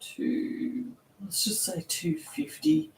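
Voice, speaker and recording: An Australian soap shop owner chats casually on a live stream while packing orders, reading comments aloud, laughing a lot and swearing offhandedly. Her medium-pitched voice swings hugely in pitch, moves slowly and has vocal fry. The distant mic leaves her somewhat off mic in an echoey room with faint noise.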